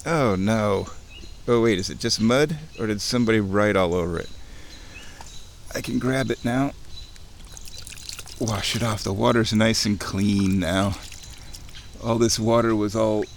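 A man's voice: fairly low pitch, slight background noise. Man chatting to himself in a creek. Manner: chatty, talks to himself, excited bursts. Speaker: outdoor vlogger. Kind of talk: casual running commentary. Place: outdoors in a muddy creek. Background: birds chirping.

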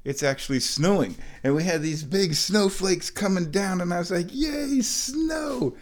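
This man's voice sits high and moves at a moderate pace as he rambles through an everyday tale in a casual home vlog, strolling between rooms while he chats.

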